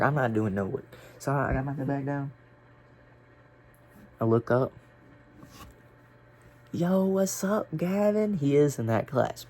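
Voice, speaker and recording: A man's voice: medium pitch, darkish tone, a little hiss or hum. A young man telling a story casually, rambling and swearing with lots of fillers. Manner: rambling, profane, filler-heavy.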